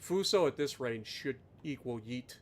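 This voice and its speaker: A man streaming live gameplay, ranting loudly and sarcastically at his teammates between calm play-by-play commentary. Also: medium pitch, a little slow. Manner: loud, exasperated ranting with sarcastic asides.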